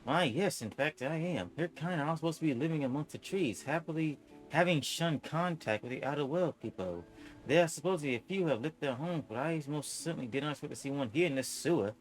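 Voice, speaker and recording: Brief: proud, smug game general, calm and superior; a male streamer reads her. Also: a little high, fairly quick, soft background music, natural voice.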